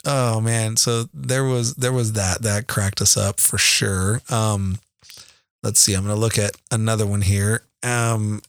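Chatty dad in a dry booth. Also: male voice, on the low side, steady tone, measured pace, no echo. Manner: rambling, laughs often, many restarts. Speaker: podcast co-host, father. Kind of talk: casual storytelling chat.

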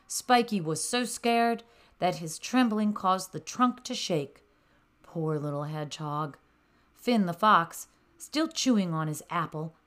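A woman narrating a children's bedtime story in a gentle, expressive way. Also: low voice.

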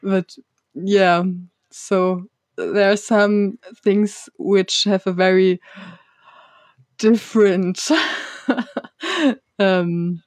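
Slow, halting woman in casual chat. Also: mid-range voice, a little mellow, dry recording. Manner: halting, many fillers and restarts, laughs often. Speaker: podcast co-host.

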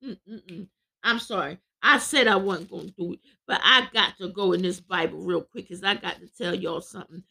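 A woman preaching with fervor, quoting scripture and shouting as she exhorts her listeners. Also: lowish voice, normal speed, creaky, slightly rough. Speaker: podcast preacher.

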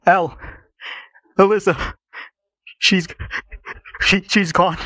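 A man's voice: sits high, steady tone, very slow, sharp tone, no room sound, voice pushed up, exaggerated voice. A man doing a wailing grief-stricken father. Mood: anguished wailing. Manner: wailing, stammering through sobs. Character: distraught grieving father, a coach.

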